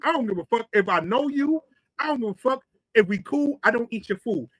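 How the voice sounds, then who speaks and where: A man's voice: very high voice, lively intonation, a little fast, fairly bright tone, dry recording, rough recording. A man, co-hosting a podcast and telling a long, profane, rambling story. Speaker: podcast co-host. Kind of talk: casual storytelling.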